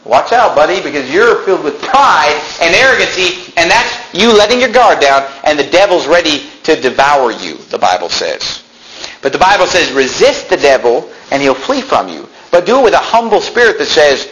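A man preaching a sermon as pastor, emphatic, swinging between loud peaks and quiet drops. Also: a little high, very animated, moderate pace, poor audio.

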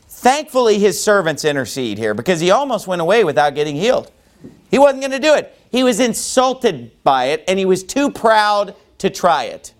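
A male pastor with a high-pitched voice works through a Bible passage verse by verse. He keeps his delivery casual and chatty, with frequent "you know"s between points. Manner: conversational, with many filler "you know"s. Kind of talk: expository sermon on a Bible passage.

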